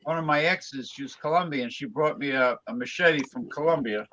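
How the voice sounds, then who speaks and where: A man chatting casually on a group call, halting often with fillers as he talks. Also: mid-range voice, pushed and bright, a little hiss or hum, poor audio. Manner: hesitant, halting with many fillers. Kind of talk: casual chat.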